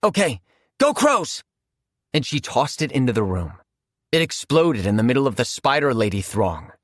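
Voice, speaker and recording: A man narrating a horror audiobook in a measured, vivid storytelling manner. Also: medium pitch, lively intonation, dry recording, clean studio sound.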